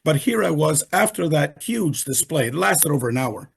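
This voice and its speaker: An older man on a video call tells his story emphatically, piling on asides and repeating himself. His voice is gravelly and a touch husky, pitched a little high for a man. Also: expressive, normal speed. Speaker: interview guest. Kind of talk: animated storytelling in conversation.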